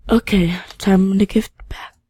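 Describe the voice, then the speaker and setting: A woman's voice: mid-range voice, fairly even intonation, measured pace, mellow, slightly rough, dry recording, clean studio sound. A teenage girl with a sore throat, talking in a subdued way over gameplay and reading chat messages aloud. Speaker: gaming channel host. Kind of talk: casual gameplay commentary.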